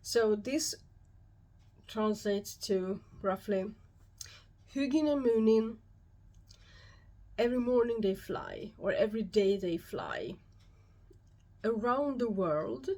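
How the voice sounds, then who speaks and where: A woman with a Swedish accent, a YouTube host talking alone to camera, calm and measured, often pausing. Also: medium pitch. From Sweden. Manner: calm, measured explaining with frequent pauses. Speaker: YouTube host and shamanic practitioner. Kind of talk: solo explanatory talk to camera.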